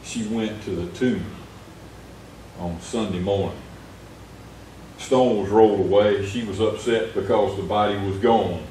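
A man's voice: lowish voice, measured pace, pauses often, warm tone, slight background noise. A man preaching an earnest sermon in a small church, retelling Bible stories with rising emphasis. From United States. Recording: echoey church room from far off.

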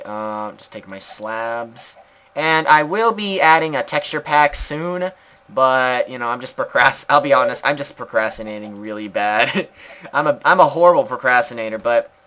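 Guy doing a lets play, bright forceful voice, chatty and rambly, yells out of nowhere. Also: mid-range voice. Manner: rambling, talks to himself and the game, sudden loud outbursts. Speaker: gaming video creator. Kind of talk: let's play commentary.

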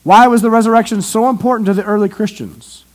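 A man preaching an evangelistic sermon in a church, asking questions and answering them, swinging from loud emphasis to hushed asides. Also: high-pitched, steady tone, fast talker.

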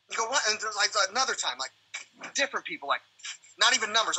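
Animated, profane high-voiced man. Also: fast talker, a little hiss or hum, low-quality recording. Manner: profane, animated, acts out quoted exchanges. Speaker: livestream host. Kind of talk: casual rambling chat.

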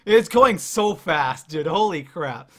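A young man from Canada hosting a live game stream, excitedly reading the chat out loud. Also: sits high, slow pace.

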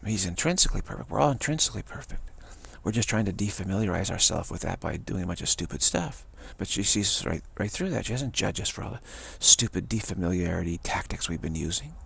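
A man with a deep, heavily gravelly voice rambles through an off-the-cuff spiritual talk. His tone is raspy and worn, and he drifts into folksy, chuckling asides as he goes. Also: animated, fast, few pauses, fairly bright tone. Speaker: spiritual teacher.

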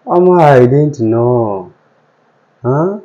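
A man's voice: medium pitch, animated, very slow, muffled recording. Flustered Ugandan man in a skit. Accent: Ugandan English. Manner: flustered, repetitive, evasive. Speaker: comedy skit actor. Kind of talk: comedic skit dialogue.

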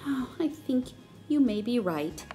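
A woman putting on an elegant painted lady with a raised, swooping voice and a fondness for Italian words. She speaks slowly and dramatically in this storybook, over faint music. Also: a little high, animated, dark tone, voice pushed up. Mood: wistful.

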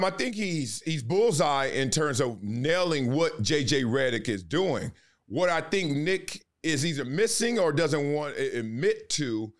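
A man talks as a podcast guest in a relaxed, slangy way, leaning hard on his points. His voice sits fairly high for a man and swings widely in pitch. He keeps the emphasis coming in a loose, animated delivery. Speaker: podcast guest, sports commentator. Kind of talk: casual interview talk.

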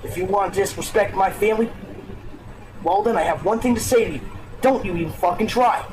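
A man's voice: high voice, brisk, noisy background. A man with an Eastern Canadian accent and an odd-sounding voice, ranting with profane threats in an old webcam clip. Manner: profane, repetitive, menacing. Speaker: video maker in an old clip. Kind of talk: angry threatening webcam rant.

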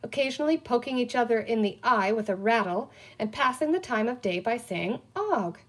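Expressive woman reading a children's book. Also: on the high side, a little fast. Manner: expressive storytelling. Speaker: reader.

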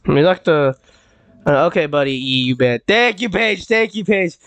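A man's voice: a little high, animated, normal speed, fairly bright tone, no room sound. A young man streaming a game live, chatting loosely with many fillers, restarts and repeated words. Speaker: gaming streamer. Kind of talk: casual live-stream chat while gaming.

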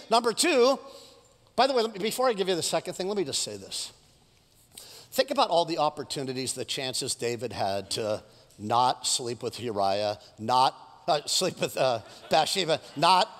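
A man's voice: high-pitched, fairly bright tone, big-room sound. A male pastor preaching a sermon to a congregation, telling a story with acted-out quotes and asking the room questions. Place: church stage before a congregation.

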